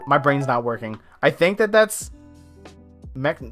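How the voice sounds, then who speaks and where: A young American man chats casually on his art live stream, rambling with plenty of fillers and laughing often. His medium-pitched voice is very animated and a bit bright, moving a little slowly, with faint lo-fi music in the background.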